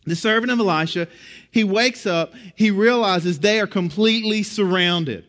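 A middle-aged man preaching a sermon in a conversational, animated way, often restarting his phrases. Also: high-pitched, normal speed. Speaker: pastor.

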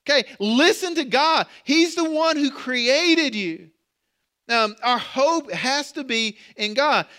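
A man's voice: very high voice, animated, slow, sharp tone. A man preaching a sermon in a conversational way, repeating words and asking the congregation rhetorical questions. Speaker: pastor.

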